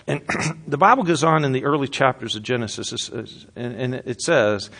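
A man preaching a sermon in an earnest way, rising to loud emphasis and then dropping to a hushed, quiet voice. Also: medium pitch, animated, moderate pace, creaky. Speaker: pastor.

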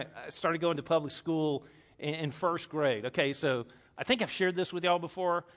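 Bright-voiced man preaching a sermon. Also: on the high side. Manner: conversational preaching with stammered repeats and laughter. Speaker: pastor. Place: room with a congregation.

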